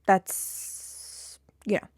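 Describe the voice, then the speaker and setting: A woman's voice: extremely slow, darkish tone, no echo, studio quality. Indignant woman venting on her podcast. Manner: indignant, repeats herself, rising to exasperated peaks. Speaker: podcast host. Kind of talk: venting story time to listeners.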